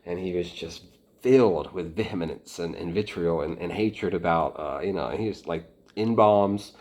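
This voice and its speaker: A man from Atlanta recounts his time as a volunteer fighter in a casual storytelling voice. His pitch sits a little low. He rambles, often stalling and restarting his sentences as he goes. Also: a little mellow. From Atlanta, United States. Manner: rambling, halting, many restarts.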